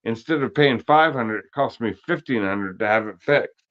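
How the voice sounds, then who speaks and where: A man's voice: medium pitch, normal speed, a bit bright, dull audio. A man talking casually on a livestream, blunt and swearing often. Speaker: guest on a car livestream. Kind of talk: casual chat.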